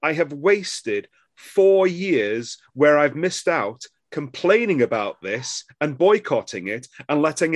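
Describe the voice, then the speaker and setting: Wry British man, lively pitch. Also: dry recording. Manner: wry, grumbling humor. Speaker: podcast co-host. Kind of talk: casual review chat.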